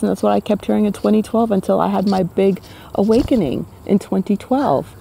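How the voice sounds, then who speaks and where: Gravelly New woman, emphatic. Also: medium pitch, brisk, dark tone, slight background noise. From New York City. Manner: emphatic, rhetorical, exasperated. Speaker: spiritual vlogger. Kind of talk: casual spiritual talk to camera.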